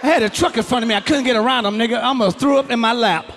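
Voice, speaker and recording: A man doing a stand-up comedy routine on stage before a live audience, loud and profane, yelling his punchlines. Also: very high-pitched, rapid-fire. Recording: live crowd, noisy hall.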